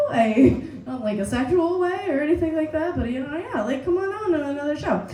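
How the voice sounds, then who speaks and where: A woman hosting a comedy night, telling an animated story full of laughs and swearing before introducing the next comic. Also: high-pitched, fairly quick, few pauses, reverberant, a little hiss or hum, rough recording. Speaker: comedy show host. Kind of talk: stand-up host introduction. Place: pub comedy stage.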